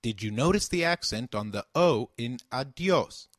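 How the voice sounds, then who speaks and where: A man's voice: mid-range voice, expressive, normal speed, dry recording, clean studio sound. A man giving a scripted language lesson, patiently saying phrases and asking the listener to repeat them. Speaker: language teacher.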